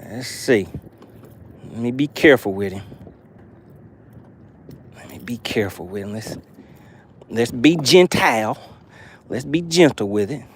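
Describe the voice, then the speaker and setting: A young man hosting a live fishing stream from a boat outdoors, talking excitedly to viewers and joking with made-up words. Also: on the low side, a little slow, long pauses, slight background noise. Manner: animated, hypes viewers, playful made-up words. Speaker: fishing channel host.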